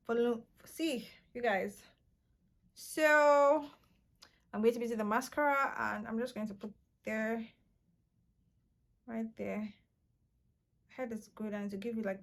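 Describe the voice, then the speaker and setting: A beauty vlogger, a young woman with a slightly high voice, chats casually with a viewer as she walks through her makeup. She keeps breaking into playful, excited exclamations.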